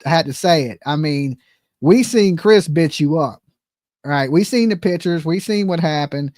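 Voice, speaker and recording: A man's voice: on the high side, normal speed, a little mellow, no room sound, studio quality. A man hosting a live commentary stream, ranting bluntly and profanely at the people he talks about. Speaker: livestream commentary host.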